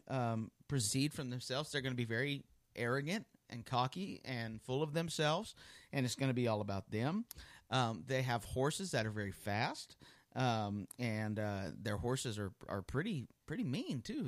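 A man's voice: medium pitch, no echo. A male pastor preaching a sermon in a loose, conversational way, full of ums and restarts.

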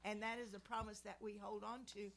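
Gravelly-voiced woman in her seventies preaching. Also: medium pitch, flat delivery, a little fast, slight background noise. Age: 70s. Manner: earnest, preacherly. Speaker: Christian speaker. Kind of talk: prayer and devotional teaching.

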